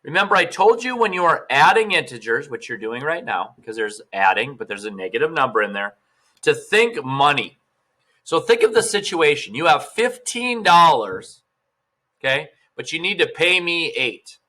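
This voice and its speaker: A man's voice: fairly high pitch, very animated, moderate pace, bright, forceful tone. A male teacher giving a recorded math lesson, casual and upbeat, talking straight to his students.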